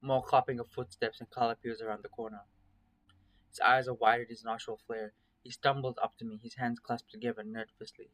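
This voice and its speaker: A man's voice: mid-range voice, flat delivery, brisk, fairly bright tone. Man narrating a visual novel. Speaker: story reader.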